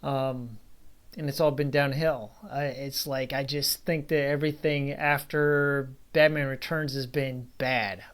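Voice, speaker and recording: A man's voice: a little high, a bit bright. A man giving a casual spoken movie review, rambling and bluntly dismissive, with frequent asides.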